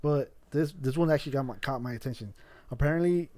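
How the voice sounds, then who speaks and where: A man's voice: mid-range voice, fast talker, a little mellow. A man hosting a casual podcast, telling a rambling story with lots of swearing and restarts. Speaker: podcast host.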